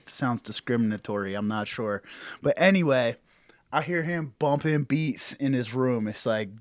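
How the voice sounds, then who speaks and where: A young man co-hosting a podcast, chatting casually and joking, often acting out loud quoted voices. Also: mid-range voice, normal speed, no room sound, clean studio sound. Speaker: podcast co-host. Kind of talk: casual comedic chat.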